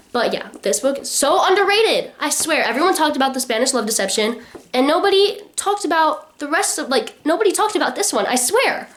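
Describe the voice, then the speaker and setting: Young female book vlogger, chatty rant, higher voice, lots of fillers. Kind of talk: casual ranting book reviews.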